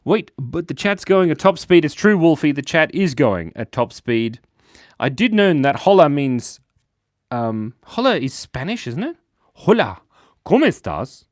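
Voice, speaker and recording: A man's voice: a little high, very animated, measured pace, no echo. A young man with an Australian accent chats casually on a livestream while he draws cartoons. His voice swings up and down a lot as he jokes with viewers and reads their messages aloud. The recording is dry and close. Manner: chatty, jokey, reads chat aloud, laughs often.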